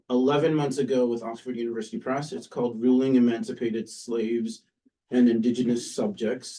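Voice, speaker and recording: Male professor, conversational lecture, mellow tone, mic set well back. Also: medium pitch, recorded from a distance, poor audio. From Canada. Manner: conversational, with frequent "um" and "uh" pauses. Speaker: political science professor giving a book talk. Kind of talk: academic lecture. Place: lecture room with an audience.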